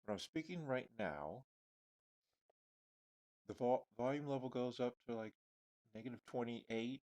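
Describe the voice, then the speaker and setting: A man's voice: mid-range voice, lively intonation, unhurried, long pauses, darkish tone. A man live streaming who talks casually and thinks aloud while adjusting his microphone settings. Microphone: desk microphone with noise gate and compressor.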